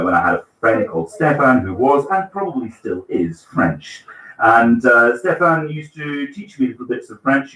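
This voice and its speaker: A man hosts an open mic night in a small bookshop, rambling and self-mocking between songs. His voice is bright and animated and rises and falls a lot. It is picked up from some distance in a roomy space, with a faint guitar behind. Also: medium pitch. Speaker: open mic host and singer. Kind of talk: casual stage patter and comic song with guitar. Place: small bookshop stage, live audience.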